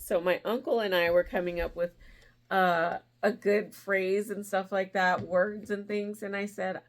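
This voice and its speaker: A woman in her forties, a crafting vlogger, telling a long rambling story in a chatty, animated way and laughing often. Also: medium pitch, a little slow, gravelly. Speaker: crochet vlogger.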